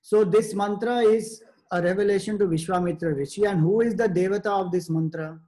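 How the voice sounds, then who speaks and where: A man giving a spiritual discourse, explaining in measured, short phrases with pauses. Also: high voice, mellow. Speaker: spiritual teacher.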